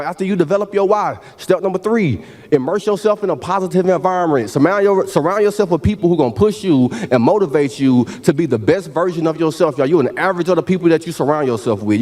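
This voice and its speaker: With a darkish voice on the high side, a keynote speaker preaches motivation to a large hall at a university ceremony. He leans on call-and-response and says "y'all" a lot.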